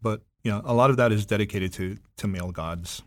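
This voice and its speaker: Hawaiian guest in his fifties, lowish voice, animated storyteller who slips into voices. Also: a little fast. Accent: Hawaiian Pidgin-tinged. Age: 50s. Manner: animated, acts out voices in stories. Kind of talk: casual storytelling.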